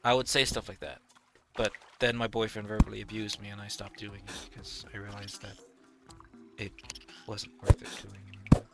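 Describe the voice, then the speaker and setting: A man's voice: lowish voice, level tone, normal speed, loud music behind the voice. A young man rambling through casual gameplay commentary, telling stories animatedly and laughing as he goes. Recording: noisy home recording.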